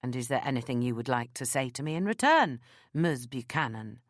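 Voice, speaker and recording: A teasing confident guy in an audiobook, read by a woman, dry humor, low voice, very dry close sound. he talks in a steady, easy way and keeps poking fun. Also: fairly quick, dry recording. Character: teasing confident man, a marine best man.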